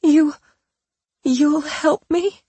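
Woman putting on a shaky, high pleading schemer. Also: lively intonation, moderate pace, dry recording. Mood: fake panic. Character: scheming young woman faking terrified sobs.

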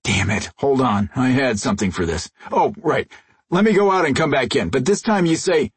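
A reckless, wisecracking hero tosses off jokes in a breezy, husky voice, as a narrator plays him. The audiobook sound is dry and close-miked. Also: male voice, mid-range voice, animated, normal speed, dry recording. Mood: flustered. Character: flippant human bounty hunter, reckless joker.

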